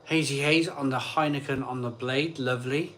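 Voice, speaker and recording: A man's voice: mid-range voice, fairly even intonation, normal speed, a bit bright. Chatty man hosting a live stream. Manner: chatty, reads out comments and replies offhand. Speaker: live stream host reading viewer comments. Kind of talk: casual live chat.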